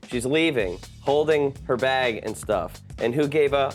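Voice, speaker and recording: A man's voice: medium pitch, unhurried, soft background music. A man teasing his co-hosts in casual sports banter. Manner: teasing, animated. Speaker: show panelist.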